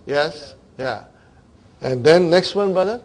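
A man's voice: fairly high pitch, lively intonation, takes it slowly, darkish tone. A man teaching a grammar class, questioning his students and checking in with them often.

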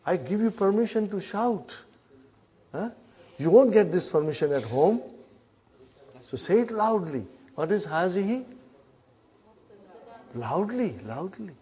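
A man teaching an Arabic grammar class, coaxing students through exercises, repeating their answers and teasing them gently. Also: fairly high pitch, husky. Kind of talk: classroom lesson.

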